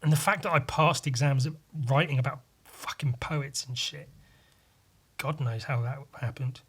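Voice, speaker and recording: A man's voice: medium pitch, moderate pace, a bit bright, slightly rough. A man hosting a casual solo podcast, rambling, swearing freely and poking fun at himself. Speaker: podcast host.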